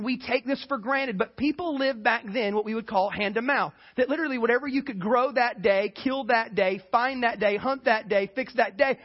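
A man's voice: extremely high pitch, highs cut off. A man preaching a casual sermon as a pastor, often asking the congregation to answer back. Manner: casual, asks the congregation to respond. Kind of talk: conversational sermon.

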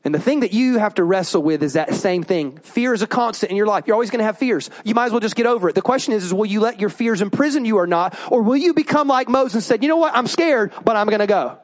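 A man preaching a sermon as pastor, animated, acting out quoted voices as he goes. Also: fast talker, hardly any pauses. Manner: animated, acts out quoted voices with rising pitch.

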